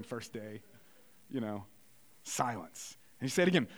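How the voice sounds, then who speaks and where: A young adult man preaching a sermon, moving between quiet reflective passages and loud, emphatic bursts. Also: lowish voice, normal speed. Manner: animated preaching, swinging from hushed to loud. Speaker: pastor.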